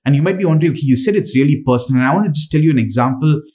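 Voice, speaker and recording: A man's voice: on the high side, expressive, very fast, warm tone, rough recording. A man from Dubai preaching a sermon and reading scripture aloud, earnest, with frequent fillers and restarts.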